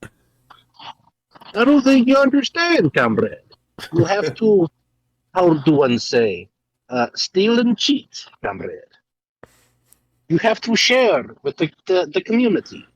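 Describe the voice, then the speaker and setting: A man's voice: sits high, wildly swooping pitch, slow, pauses often, dry recording, lo-fi sound, pitched above the performer's own voice, exaggerated voice. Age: adult. Sex: man. Figure: a man putting on a sly mock-Russian comrade. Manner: broken English, sly and wheedling.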